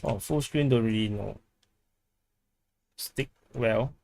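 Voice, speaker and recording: A man's voice: medium pitch, slow, vocal fry, a little mellow, no echo. Singaporean man, live stream host, casual and chatty with viewers, repeats himself, dry close sound. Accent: Singaporean English. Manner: chatty, repeats words, laughs often. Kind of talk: casual live stream chat reading comments.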